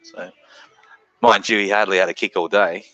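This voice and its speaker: A middle-aged Australian man chatting casually as host of a live stream, laid-back and quick to greet viewers. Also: deep voice, fairly even intonation, bright, forceful tone, lo-fi sound, faint music behind.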